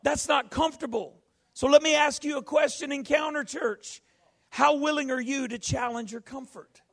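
A male pastor preaching a folksy sermon, rising to shouts. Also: very high-pitched, moderate pace.

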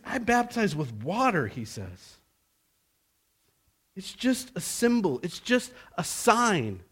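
A man preaching a sermon, slow and deliberate, his voice rising in pitch and force when he presses a point.

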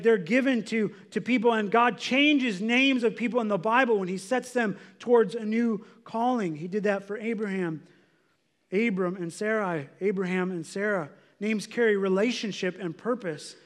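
A man's voice: high voice, normal speed, fairly bright tone. A man preaching a sermon as a pastor, in a conversational way, often saying "like" as he explains. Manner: conversational, filler "like".

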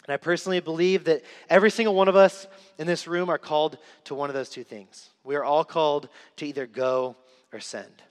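A young man delivers an earnest sermon, repeating key lines for weight. His voice is fairly high for a man. A long hall reverb trails every phrase. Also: fairly even intonation, fairly quick. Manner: earnest storytelling with emphatic repetition. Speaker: preacher. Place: church sanctuary.

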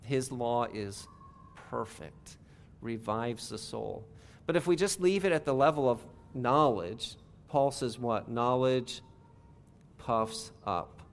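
A man's voice: medium pitch, lively intonation, slow pace, creaky, slight background noise. Conversational middle-aged male preacher. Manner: conversational, rhetorical asides. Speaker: pastor. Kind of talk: sermon.

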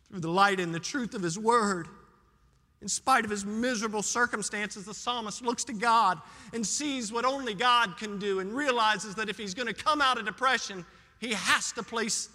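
A male pastor preaches with passion, his voice swinging between loud rises and sudden soft drops. He speaks unusually high for a man, with a very bright, sharp edge. His words ring out in a church sanctuary with a long trailing reverb. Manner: impassioned preaching, voice rising and dropping sharply. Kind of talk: sermon.

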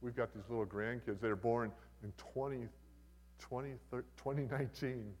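An older male pastor delivers a sermon in a conversational, folksy manner, slipping in humorous asides. His voice sits at a middling pitch, and a long hall reverb trails after each phrase. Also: normal speed, darkish tone.

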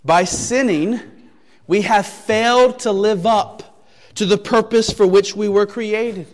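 A man preaching a sermon as pastor, deliberate and emphatic, repeating key phrases and asking searching rhetorical questions. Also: high voice, long reverb tail.

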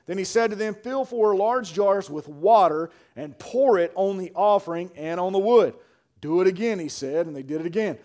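Animated preacher man, fairly high voice. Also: moderate pace. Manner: animated, swinging from hushed to shouting; colloquial, says "man" and "y'all". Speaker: pastor. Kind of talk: sermon.

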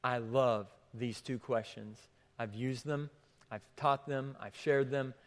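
A man's voice: medium pitch, little pitch movement, slow. Preaching man in a reverberant hall. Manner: repeats questions for emphasis, drops to near whisper then rises. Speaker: pastor. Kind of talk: sermon.

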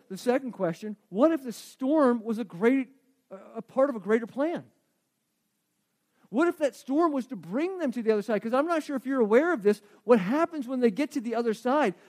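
Delivering a sermon, this preacher with a voice that sits high shifts back and forth from forceful proclamations to hushed, reflective moments, and he questions his congregation as he goes.

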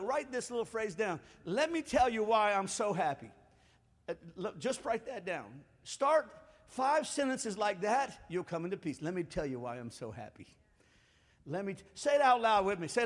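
A man preaching a sermon in a fairly high voice, rising to loud, fervent exhortation and then dropping to a hushed, close tone. His words ring out in a big hall with a long reverb tail. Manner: swings from loud exhortation to hushed, intimate talk. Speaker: pastor.

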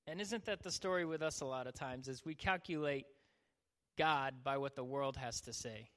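A man's voice: mid-range voice, normal speed, fairly bright tone. A young man preaching a sermon as a youth pastor, joking and acting out the people in his stories. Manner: joking, acts out voices. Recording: long hall reverb.

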